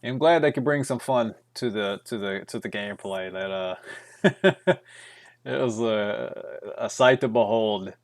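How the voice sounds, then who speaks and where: A young man doing solo esports commentary as a tournament caster, chatty and rambling, with quick bursts, frequent fillers and chuckles. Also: fairly low pitch.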